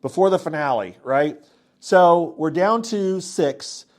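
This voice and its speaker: A man's voice: on the high side, animated, takes it slowly, darkish tone. A middle-aged man casually recapping a reality TV episode, rambling with restarts and acting out what people said. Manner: rambling, many restarts and "um"s, acts out quotes.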